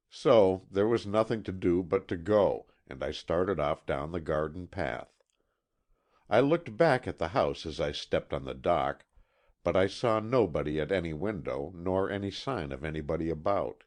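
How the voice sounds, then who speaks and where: A man reading a classic mystery novel aloud as an audiobook narrator, measured and expressive. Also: low voice. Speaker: audiobook reader.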